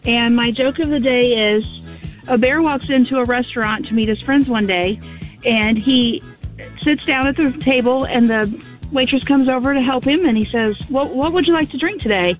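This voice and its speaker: A woman's voice: fairly high pitch, fairly even intonation, faint music behind. Hesitant woman caller on a dull line. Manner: halting, hesitant storytelling. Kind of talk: telling a joke on the phone.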